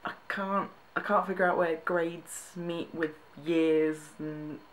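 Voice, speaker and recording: Slow, amused woman vlogger. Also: fairly low pitch, fairly even intonation. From Britain. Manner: amused, laughs often, trails off and restarts. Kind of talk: casual reaction commentary.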